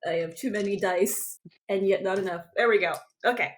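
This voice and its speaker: A woman playing a tabletop game, nervous and giggly with halting speech. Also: medium pitch, low-quality recording. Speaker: player.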